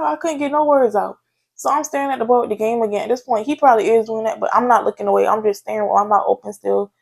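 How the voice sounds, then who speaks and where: Young woman, casual storytime vlog, gravelly edge to the voice, candid and chatty, talks straight to the viewers. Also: medium pitch, a little mellow. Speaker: vlogger.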